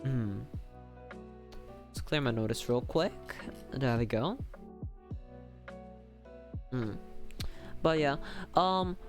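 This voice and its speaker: A man's voice: mid-range voice, expressive, very slow, pauses often, music in the background. A young man chatting casually on a livestream, rambling and self-deprecating with lots of fillers. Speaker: streamer.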